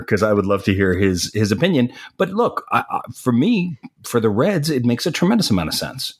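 A man co-hosting a podcast in casual chat, animated and slipping into quick impressions of other people. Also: mid-range voice, breathy edge. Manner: animated, mimics people mid-story. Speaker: podcast co-host.

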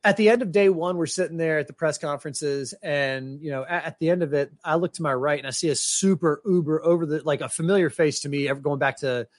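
A man's voice: fairly high pitch, fast, few pauses, no echo. A man co-hosting a casual golf podcast, rambling through stories and acting out what people said. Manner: rambling storyteller, acts out quotes. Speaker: podcast co-host.

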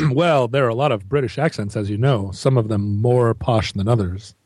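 A man talks as a podcast guest, rambling along with dry, deadpan humor and frequent restarts. His pitch is ordinary, and the sound is close and dry. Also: normal speed, dry recording. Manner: wry, rambling, deadpan joking. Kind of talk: casual podcast chat.

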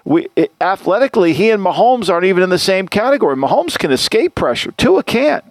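Man podcast host, blunt and opinionated, slightly high pitch, dry recording. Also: very animated, quick pace, dry recording. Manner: blunt, opinionated, frequent restarts. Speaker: podcast host, football analyst. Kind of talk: casual sports talk.

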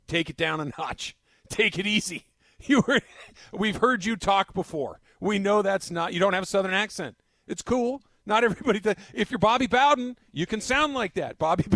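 A man hosting a sports radio show, animated and laughing often as he banters. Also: high-pitched, vocal fry, no echo, studio quality.

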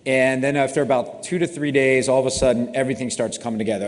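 A middle-aged man who founded a cybersecurity company answers interview questions in a relaxed, explanatory way, with dry self-deprecating humor. His mid-range voice moves quickly with hardly any pauses, and he's in a large hall.

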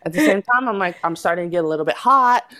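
A woman telling a story as a podcast guest in animated, casual talk, laughing often and using many fillers. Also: lowish voice, fast talker.

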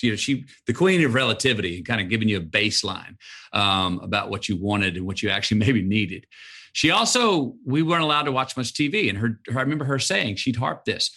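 A man being interviewed as a guest on a podcast, telling stories in a lively way and acting out the sayings of his parents. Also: fairly low pitch, fairly quick. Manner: animated storyteller who acts out his parents' sayings. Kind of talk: casual interview storytelling.

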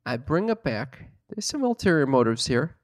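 A man's voice: mid-range voice, very animated, moderate pace, no echo, studio quality. A man telling a story in casual chat, swearing a lot, exasperated, mimicking other people in mocking voices. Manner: profane, exasperated storytelling with mocking put-on quotes.

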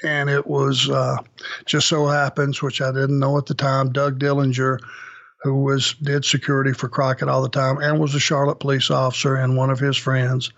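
A man as an interview guest, telling an anecdote in a casual, animated way with many restarts. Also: mid-range voice, highs cut off. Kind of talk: casual storytelling.

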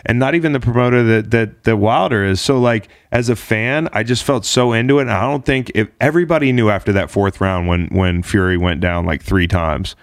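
Sex: man. Role: sports talk host. Style: casual chat. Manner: rambling, animated, peppered with "like" and swearing. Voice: lowish pitch. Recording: dry, close sound. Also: a little fast, few pauses, dry recording. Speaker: podcast host.

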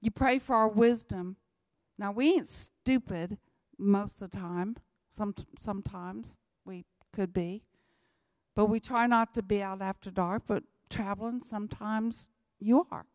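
A woman's voice: mid-range voice, steady tone, unhurried, darkish tone, no room sound, clean studio sound. A woman, giving an emphatic church talk about mission work and repeating her key lines. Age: 60s. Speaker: missionary speaker.

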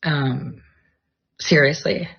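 A woman's voice: deep voice, steady tone, extremely slow, gravelly, highs cut off, a little hiss or hum. A woman chatting casually to her viewers, rambling and jumping from topic to topic. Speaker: vlogger. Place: at home, near a bedroom studio.

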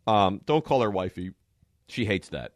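Sports radio host, male, animated storyteller, dry close mic. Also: normal speed, no echo. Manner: animated storytelling, jumps between loud and low. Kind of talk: lively sports radio banter. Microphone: studio mic.

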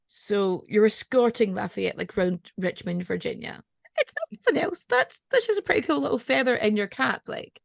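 A woman's voice: mid-range voice, very animated, normal speed, vocal fry, no echo, studio quality. A Scottish woman hosting a podcast in casual chat. She is chatty and digressive and laughs often. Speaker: podcast host.

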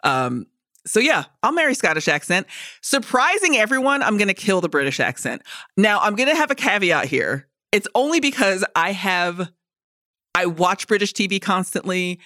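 A woman with a slight New York accent chatting on a podcast. Her voice is bright and swoops up and down a lot. She laughs often, and the recording is close and dry with no room sound. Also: medium pitch, very animated, normal speed, dry recording. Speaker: podcast co-host. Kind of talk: casual chat.

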